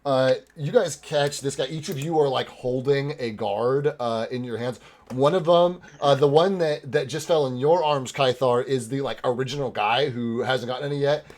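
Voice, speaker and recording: A man narrates a tabletop game as its game master. He talks loosely, with many fillers and offhand swearing. His voice sits at an ordinary middle pitch. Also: moderate pace, a little mellow. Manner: rambling, filler-heavy, swears casually, laughs a lot.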